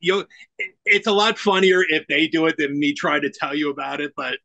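A man's voice: a little high, brisk, no echo. A middle-aged man chatting as a podcast guest, animatedly acting out the lines of people in his stories. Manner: animated storyteller who acts out quoted lines. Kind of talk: casual conversation.

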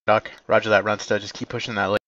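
Low, flat man giving clipped orders. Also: fast, dry recording, dull audio. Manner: clipped radio-style orders. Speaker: game commander.

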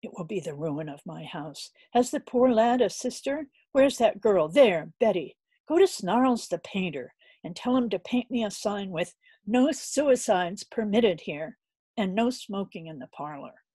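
A woman voicing a brisk, bossy older landlady who scolds and fusses over her premises. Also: medium pitch, lively intonation, warm tone, slightly rough, no echo. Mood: scolding. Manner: scolding, bustling, indignant.

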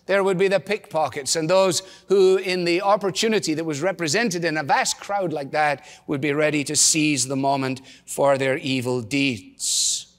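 A man's voice: on the high side, fairly even intonation, moderate pace, few pauses, big-room sound. A man preaching a sermon, earnestly asking his congregation rhetorical questions. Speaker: pastor. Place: church.

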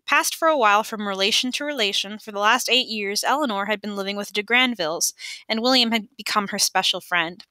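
Bright-voiced woman reading an audiobook. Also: mid-range voice, brisk, no echo. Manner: plain reading with occasional stumbles. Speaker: amateur audiobook reader. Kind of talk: audiobook narration.

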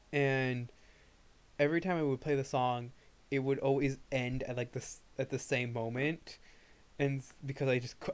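A young man streaming live, chatting casually and rambling, often restarting his sentences. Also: mid-range voice. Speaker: livestreamer. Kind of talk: casual livestream chat.

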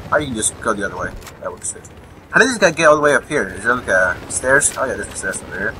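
Very animated and quick, this young man's mid-range voice rambles through live gameplay, cursing and laughing at enemies. Background noise includes game gunfire, explosions and faint vehicles.

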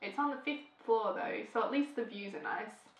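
A woman's voice: medium pitch, moderate pace. Chatty woman narrating a game. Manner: chatty, giggly, reading the game text aloud. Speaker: let's play host. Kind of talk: casual gameplay commentary. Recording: echoey room with background music.

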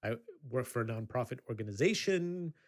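A man co-hosting a casual podcast, telling an animated story with halting restarts and laughing asides. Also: medium pitch. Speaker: podcast co-host.

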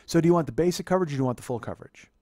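A man voicing a pushy male car rental clerk who runs through a flat sales spiel in a dry, close sound. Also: a little high, racing, dry recording, close to an everyday voice. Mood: salesy.

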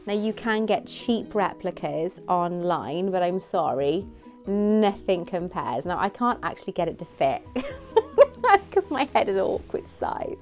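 A young woman chatting casually and gushing as she reviews a replica tiara, giggly and animated. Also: medium pitch. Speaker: vlogger reviewing a prop replica. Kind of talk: casual product review chat.

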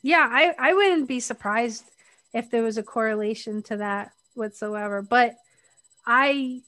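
A woman's voice: fairly high pitch, a little slow, bright, forceful tone, no room sound. A middle-aged woman speaking as an interview guest, candid and reflective, often restarting her sentences.

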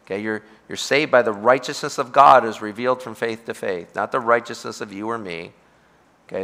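A man's voice: on the low side, creaky, sharp tone, in a large hall. A man teaching a Bible study as a pastor, emphatic and repetitive, often asking his listeners questions.

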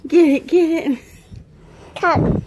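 A woman's voice: a little high, big pitch swings, slow pace. A woman filming her dog and toddler at home, laughing often and talking to them in a sing-song voice. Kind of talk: casual home video chatter.

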